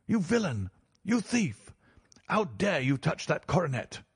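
A man reading an audiobook, voicing an enraged older banker father who shouts accusations at his son. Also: a little high, unhurried, slightly rough, no room sound, studio quality. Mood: outraged.

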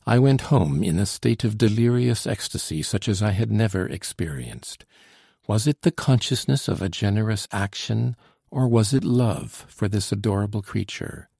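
A man reading a first-person story aloud in a measured, earnest manner. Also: fairly low pitch, creaky, warm tone, breathy edge, dry recording, studio quality. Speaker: audiobook narrator. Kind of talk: scripted narration.

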